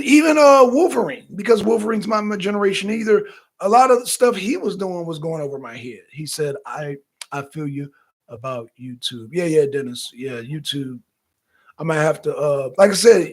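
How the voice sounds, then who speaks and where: Guy doing a livestream, reads chat, fast and rambly, cusses a bit, slightly higher voice. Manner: animated, swings loud and high when excited; talks fast with restarts, swears casually. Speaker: livestream host reading chat.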